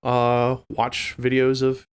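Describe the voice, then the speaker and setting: A man from New Orleans with a New Orleans accent, co-hosting a game development podcast in a chatty, animated way and speaking directly to listeners. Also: mid-range voice, slow pace, clear, resonant tone. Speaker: podcast co-host. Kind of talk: casual podcast chat.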